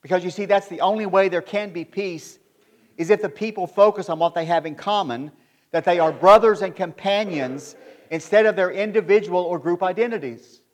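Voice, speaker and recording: An earnest male preacher delivers a sermon with a fairly high-pitched voice. He reads scripture in a measured, deliberate way and builds to forceful emphasis when he presses his point.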